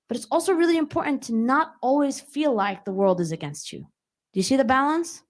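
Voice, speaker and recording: A young adult woman, there as a guest speaker, tells a personal story to an audience in a community hall and frequently poses questions to them. Her voice is high, with lively intonation and a fairly quick pace.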